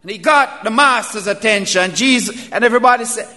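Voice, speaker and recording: A man preaching a sermon, slow and emphatic, building to loud calls. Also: high voice. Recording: reverberant hall.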